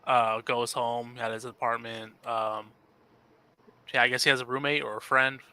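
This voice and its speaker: Bright-voiced laid-back podcast man. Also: medium pitch, little pitch movement, clean tone, poor audio. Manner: laid-back, halting with fillers. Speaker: podcast co-host. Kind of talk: casual movie review chat.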